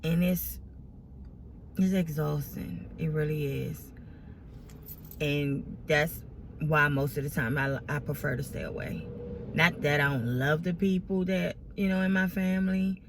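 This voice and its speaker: Speaking in a low voice with fairly even intonation and a measured pace, a woman vlogs to her followers as a faint hiss or hum sits underneath. She's tearfully venting about family drama, exasperated and rambling, restarting often.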